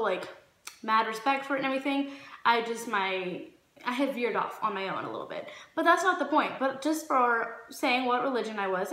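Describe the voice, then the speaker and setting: A young woman in her twenties telling a casual story-time vlog, animated and acting out the quotes. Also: a little high. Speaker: vlogger. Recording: echoey room with faint music.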